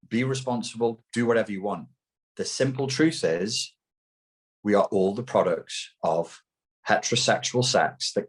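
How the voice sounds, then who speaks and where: A man as an interview guest, talking emphatically and mockingly, with plenty of swearing. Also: fairly low pitch. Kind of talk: heated opinionated talk.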